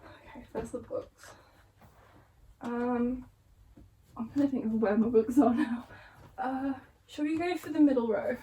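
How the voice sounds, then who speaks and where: A young woman, talking casually to camera about her reading plans. Her voice sits a little on the high side, and she chats loosely, swears freely and jokes with exasperated humor. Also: steady tone, unhurried, pauses often, dark tone, slight background noise. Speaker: book vlogger. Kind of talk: casual chat.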